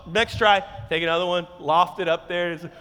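A man preaching a sermon as pastor, conversational and joking, at times shouting loudly. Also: high voice, fairly even intonation, moderate pace, clear, resonant tone. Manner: conversational and joking, bursting into loud shouted lines. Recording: long hall reverb.

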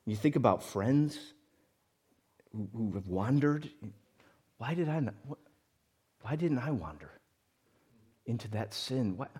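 A man preaching a sermon to a congregation, moving between loud emphatic lines and quiet conversational asides. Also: medium pitch, lively intonation, slow, long pauses, slightly rough. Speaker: pastor.

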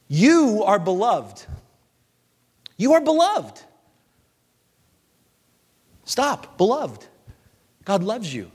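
A man preaching a sermon as pastor, passionate and repetitive, swinging between loud appeals and hushed, soft passages. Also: fairly high pitch, long reverb tail. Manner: impassioned, repetitive preaching with rising and falling intensity.

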